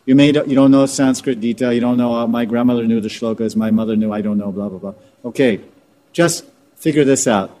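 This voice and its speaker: A man's voice: medium pitch, brisk, mellow, slight background noise. A man teaching scripture informally, repeating and restarting words as he explains terms. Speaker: spiritual teacher.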